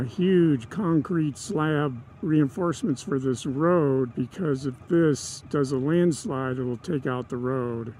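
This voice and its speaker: A man's voice: mid-range voice, creaky, warm tone. Rambling man on a windy motorcycle ride. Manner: rambling, sarcastic, many fillers and restarts. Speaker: motorcycle vlogger. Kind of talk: rambling casual vlog. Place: riding a motorcycle outdoors. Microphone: stereo lavalier inside a helmet. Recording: wind and engine noise.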